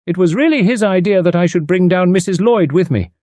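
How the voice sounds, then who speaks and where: A man's voice: high voice, fairly quick, a little mellow, dry recording, voice pushed up, close to an everyday voice. A man reading an audiobook, voicing a drawling, gushing society woman keen on séances.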